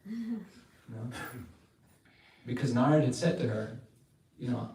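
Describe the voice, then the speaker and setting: Chatty spiritual storyteller guy, animated, lots of laughs, echoey room, mic far away. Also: mid-range voice, slow pace, pauses often. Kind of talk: devotional storytelling talk. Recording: roomy, distant mic, faint noise.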